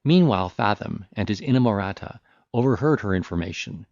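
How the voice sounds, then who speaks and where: A man narrating a classic novel in a measured, formal storytelling manner. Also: on the low side, animated, a little mellow, no room sound, lo-fi sound. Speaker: audiobook narrator.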